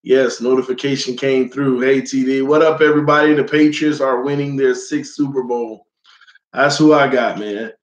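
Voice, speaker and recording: A man hosting a live fan stream, slightly hoarse from losing his voice, greeting viewers by name in loose slangy chat and getting loud when he argues. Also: medium pitch, fairly even intonation, normal speed, roomy sound. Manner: gets loud and heated when arguing a point.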